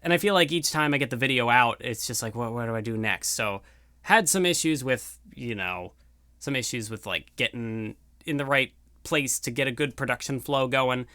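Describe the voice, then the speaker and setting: Young man, casual vlog outro, rambling, self-deprecating, bright voice, dry room. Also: mid-range voice, moderate pace, no room sound. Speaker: YouTuber. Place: room at home.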